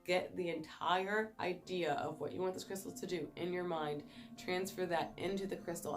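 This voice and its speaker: A woman with a low, deep voice talks in a relaxed, chatty way as she shows things to the camera. She explains each step warmly and keeps the pace easy. Faint music plays underneath. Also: moderate pace. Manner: chatty, warm explaining, showing stones to camera. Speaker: crystal vlogger. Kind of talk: casual how-to talk.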